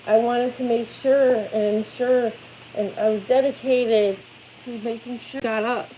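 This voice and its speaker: A woman's voice: on the high side, steady tone, a little slow, slight background noise, low-quality recording. A woman in her thirties, a parent chatting casually on a livestream, tired after no sleep, rambling and swearing freely. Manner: rambling, swears freely, yells playfully to wake her kid.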